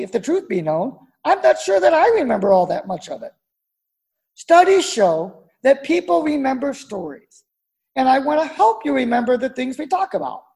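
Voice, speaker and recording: A woman pastor preaching a sermon, telling stories at a measured pace and dropping low and soft to make a point. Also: vocal fry.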